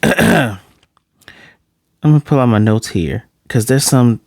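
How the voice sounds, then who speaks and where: A man's voice: medium pitch, takes it slowly, gravelly, a little mellow, dry recording, studio quality. A man casually reviewing an anime episode, loose and rambling, with a few curse words. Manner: loose, rambling, profane, lots of fillers.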